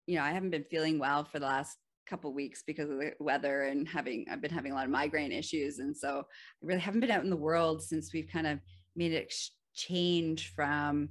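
A woman's voice: deep voice, a bit bright. A woman hosting a podcast, telling an everyday story in a casual, chatty way with frequent laughter and fillers. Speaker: podcast host. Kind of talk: casual solo podcast talk.

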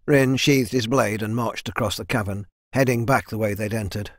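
A man narrating a fantasy audiobook in an even, measured storytelling manner. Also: lowish voice, no echo, clean studio sound. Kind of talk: scripted narration.

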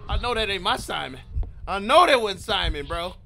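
A man playing through a horror game, reacting out loud in jumpy, slangy commentary and talking to himself. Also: high-pitched, lively intonation, moderate pace, creaky, faint music behind. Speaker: gaming channel host.

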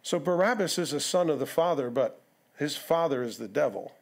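Male pastor, sermon in a church, slightly high voice, chatty asides, rhetorical questions. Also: lively intonation, brisk, vocal fry. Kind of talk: expository sermon. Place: church sanctuary.

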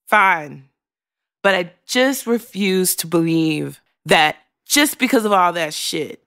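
With a fairly low, sharp-toned voice, a female podcast host delivers a candid monologue. She talks frankly and with emotion, swears freely, and fights back tears, in a studio-quality recording without echo.

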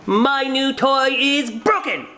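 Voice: slow, pushed and bright, heavily acted. A teacher doing a squealing little pig. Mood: upset. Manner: squealing, high and dramatic. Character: excitable little pig with a new toy.

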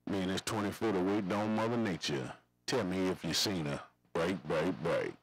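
Deep-voiced man on CB radio. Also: brisk, rough recording. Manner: rambling, slangy, repetitive radio lingo. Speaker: CB radio operator. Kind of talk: CB radio chatter.

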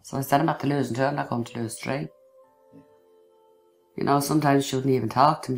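An older woman, haltingly and quietly recounting a memory as an interviewee. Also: a bass voice, steady tone, gravelly, faint music behind.

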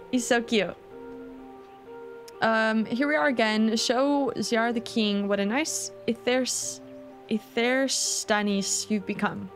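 A woman hosting a let's-play video, casual and slangy, swearing freely as she comments on the game. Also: medium pitch. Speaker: gaming video host.

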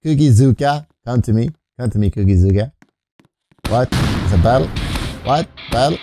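Silly male gamer narrating his play, gravelly voice, bouncy lively pitch. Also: moderate pace, over loud music. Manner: goofy, rhyming nonsense words, frequent laughs. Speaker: gameplay commentator. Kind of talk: playful game commentary.

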